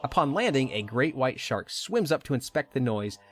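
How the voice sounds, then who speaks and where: A podcast host reads a retelling of a video game story, breaking in with joking asides. His medium-pitched voice swings widely in pitch at normal speed and sounds a bit bright.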